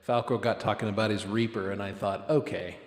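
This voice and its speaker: A man's voice: lowish voice, steady tone, fairly quick. A man chatting casually on a video call livestream as a guest musician, with dry joking asides. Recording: roomy sound over loud guitar.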